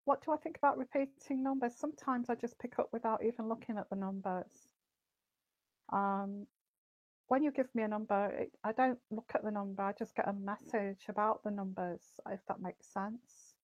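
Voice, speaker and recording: A woman's voice: medium pitch, fairly even intonation, normal speed, no echo, dull audio. Chatty woman hosting a livestream. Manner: chatty, greets viewers by name, many fillers. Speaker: psychic livestream host. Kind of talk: casual livestream chat.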